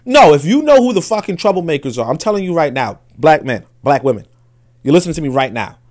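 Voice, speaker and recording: A man with a fairly high voice, talking in a loose, emphatic commentary style. He swears freely and often repeats himself while working out a point, driving each claim home. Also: very animated, fast talker, a little mellow. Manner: emphatic, profane, repeats words while thinking. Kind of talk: casual commentary with read-aloud quotes.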